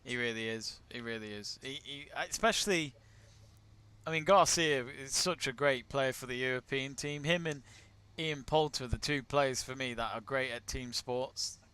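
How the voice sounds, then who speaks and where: A man's voice: mid-range voice, moderate pace, bright, forceful tone, clear, resonant tone. A man from England hosting a live golf watch-along, chatting casually, greeting viewers and reading out their messages. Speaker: watch-along stream host.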